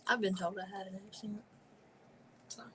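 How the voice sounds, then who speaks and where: A woman's voice: medium pitch, steady tone, normal speed, noisy background. A woman, co-hosting a casual livestream with dry, teasing remarks. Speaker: livestream co-host.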